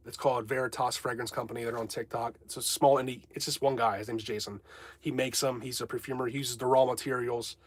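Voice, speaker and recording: A man's voice: mid-range voice, darkish tone, no room sound. A man hosting a casual livestream from home, chatting candidly, rambling and reading chat comments aloud. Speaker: livestream host.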